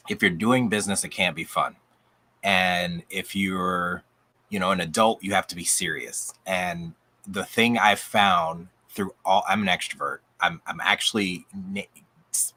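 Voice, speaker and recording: Husky-voiced man with a fading voice. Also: deep voice, bright, forceful tone. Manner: upbeat, enthusiastic, rambling with restarts. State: voice going out. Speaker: coach, channel guest. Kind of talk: casual group video call chat. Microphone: video call.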